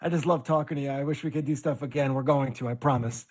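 A man's voice: mid-range voice, fairly even intonation, quick pace, a little mellow. A man hosting a sports podcast and asking his guests questions. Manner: laughs along, wraps up segments. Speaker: podcast host. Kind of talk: casual interview.

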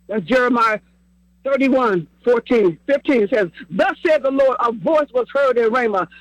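Male preacher, very high and bright, dry close sound, impassioned exhorting sermon delivery. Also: dry recording, poor audio. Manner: impassioned, repetitive exhortation, rising to shouts. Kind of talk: fervent sermon and prayer.

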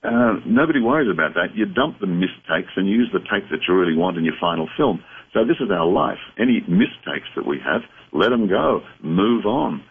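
A man speaking as a psychic medium guest on a talk radio show, explaining in a measured, reflective way. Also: low-pitched, lively intonation, breathy edge. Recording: phone-line sound.

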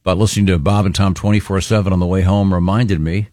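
Radio host guy reading mail, lowish voice, swings up n down, dry studio sound. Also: fairly even intonation, fast talker, a little mellow, no room sound. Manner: easygoing, reads letters aloud. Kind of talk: casual comedy banter, reading listener mail.

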